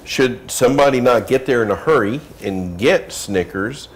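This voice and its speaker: A man's voice: medium pitch, moderate pace. A man hosting a casual local TV chat in a folksy, chatty way. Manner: folksy, chatty, says y'all. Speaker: TV show host.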